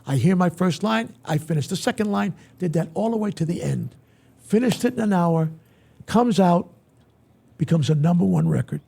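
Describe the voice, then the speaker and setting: An older man spins animated stories as an interview guest. His voice sits high for a man and is heavily gravelly. It is husky rather than clear. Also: moderate pace. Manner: lively, acts out other people's lines. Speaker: guest entertainer. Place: event venue interview set.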